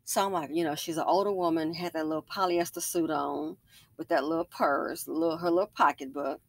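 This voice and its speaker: A woman's voice: deep voice, fairly even intonation, fairly quick, no echo. A woman hosting a casual commentary video, telling stories emphatically and often digressing. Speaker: commentary channel host.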